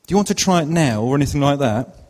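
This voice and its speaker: A man voicing an earnest male evangelist who gently coaxes a child toward prayer with persuasive questions. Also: a little high, expressive, fast, natural voice. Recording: long hall reverb.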